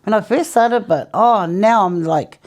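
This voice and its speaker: A former smoker from New Zealand, this woman speaks at a medium pitch, measured and a little mellow, while interviewed about quitting. She laughs often, chats freely, and acts out the remarks of people in her story.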